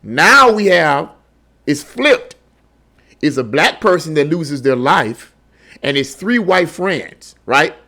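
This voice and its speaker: A man's voice: a little high, sing-song, slow pace, pushed and bright. A man giving a heated commentary monologue on a news article. He stumbles over repeated words and keeps firing off rhetorical questions. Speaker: online political commentator.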